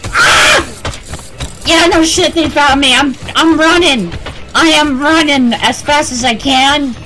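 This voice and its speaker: A woman gamer gives let's play commentary on her horror game run in a high, unhurried voice, panicking, screaming, and swearing a lot. The recording is low quality, with game music playing loudly behind her.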